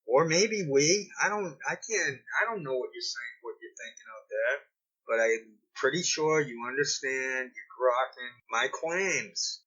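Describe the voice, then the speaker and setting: A man's voice: medium pitch, fairly bright tone, highs cut off. A man from Boston with a Boston accent, giving rambling, conspiratorial solo commentary, often correcting himself mid-thought. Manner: conspiratorial, digressive, second-guesses himself mid-sentence. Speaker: video commentator.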